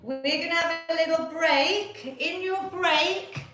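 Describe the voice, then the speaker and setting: Over music, a woman with an extremely high voice coaches a live online workout at a slow pace, staying encouraging and upbeat. She sounds far off, in an echoey room.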